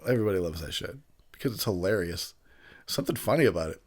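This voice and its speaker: A man's voice: deep voice, expressive, fast talker. Tipsy man rambling through movie commentary. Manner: rambling, laughing often, loose. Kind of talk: casual drunken movie commentary.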